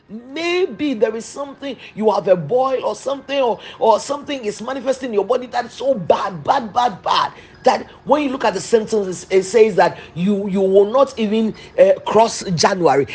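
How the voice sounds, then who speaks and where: A woman preacher delivers a sermon with fervent conviction. She repeats each declaration several times and pushes her voice up into shouts to drive a point home. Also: mid-range voice, husky.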